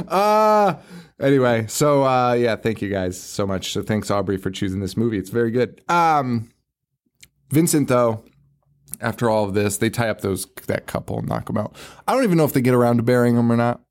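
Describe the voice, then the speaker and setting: A man's voice: mid-range voice, animated, normal speed. Laughing, profane male podcast host. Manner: profane, laughing, retells scenes in mock voices. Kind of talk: casual movie recap chat.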